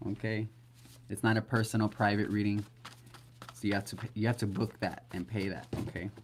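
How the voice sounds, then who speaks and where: Man, tarot reader, casual live stream, blunt, chatty, cursing, lowish voice, faint hiss. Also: a little mellow. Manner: blunt and chatty, swears freely.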